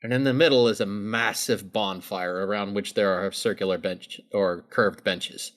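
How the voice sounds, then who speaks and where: A man narrating a tabletop role-playing game as game master, describing scenes in a relaxed, casual way. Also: fairly low pitch, moderate pace.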